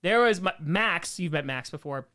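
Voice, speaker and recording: A young man hosts a members Q&A livestream, reading chat aloud and answering with dry, sarcastic humor. His voice sits on the high side, animated, pushed, and bright at a normal speed, swinging widely up and down as he jokes and laughs easily between lines.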